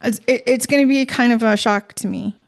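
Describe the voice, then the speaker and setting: A woman's voice: a little high, a little fast, creaky. A middle-aged woman telling a personal story in a casual, rambling way, with many fillers and restarts. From Minnesota.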